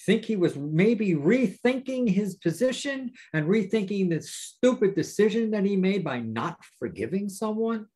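A pastor with a raspy, somewhat high-pitched voice teaches a Bible study to viewers. He talks directly to them, stressing points with rhetorical questions. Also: big pitch swings, a little slow, few pauses. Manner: warm, direct address to viewers.

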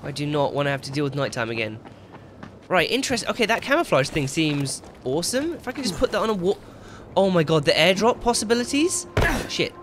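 A man commentating casually over his game play, excitable and jokey, swearing freely. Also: on the high side, fairly quick, noisy background. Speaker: gaming video host.

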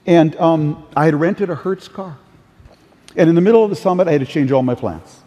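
An older man delivers a conference keynote from a large hall, his voice carrying a long reverb tail. The tone is mellow and slightly higher than usual for a man. He moves from point to point through anecdotes. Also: a little fast. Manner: storytelling with anecdotes, occasional restarts. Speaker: keynote speaker. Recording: distant, echoey hall sound.

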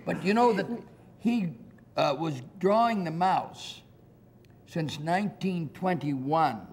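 Older American man telling a lively story. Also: fairly high pitch, takes it slowly, breathy edge. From United States. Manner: lively anecdotal storyteller, acts out dialogue. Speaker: guest actor. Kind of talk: storytelling interview.

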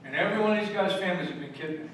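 A man preaches from the pulpit, high and bright, storytelling with emphatic swings between loud and hushed delivery. His voice rings through a very echoey church sanctuary, picked up from a distance with faint room ambience. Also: very fast, slight background noise. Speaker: pastor. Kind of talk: sermon. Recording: echoey church hall from far off.

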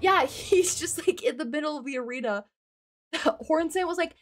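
A woman streaming a video game, giving excitable casual commentary with lots of laughing, yelps and swearing. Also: sits high, unhurried, soft background music. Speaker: gaming streamer.

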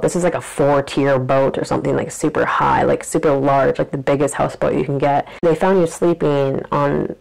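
Low, gravelly woman telling a story. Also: fairly even intonation, a little fast, darkish tone, poor audio. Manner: chatty, peppered with "like", acts out quotes. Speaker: vlogger. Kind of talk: casual storytelling monologue.

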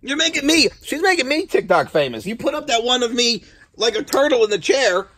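A man hosting a casual family vlog at home, playful and goofy, bursting into shouts and laughter. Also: very high-pitched, sing-song, fairly quick, husky, poor audio. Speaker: vlog host. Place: at home indoors.

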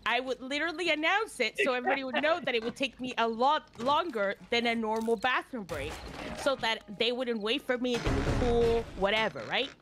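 A woman's voice: fairly high pitch, a little fast, background noise. A woman streamer chatting while gaming, laughing easily and telling a story. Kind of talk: casual chat while gaming.

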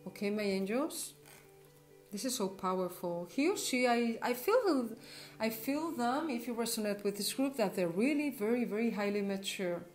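Gushing woman tarot reader, soft music behind. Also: medium pitch. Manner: gushing, affectionate, with restarts. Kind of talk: tarot reading to viewers.

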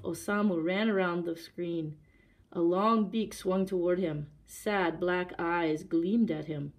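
Low-voiced woman reading a fairy tale aloud, calm and slow. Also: poor audio. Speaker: library storyteller. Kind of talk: storybook read-aloud.

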